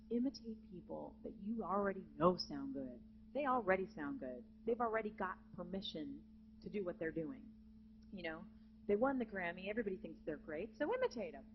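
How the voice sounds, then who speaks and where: A woman's voice: medium pitch, lo-fi sound, a little hiss or hum. Chatty woman teaching jazz singing. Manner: chatty, demonstrates with short sung phrases. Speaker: vocal jazz clinician. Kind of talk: teaching a masterclass with sung examples. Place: conference hall with live student audience.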